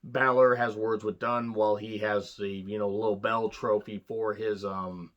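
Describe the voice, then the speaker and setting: A man's voice: fairly low pitch, level tone, normal speed, muffled recording. A man giving a casual, profane wrestling review, blunt and sarcastic, rambling with restarts.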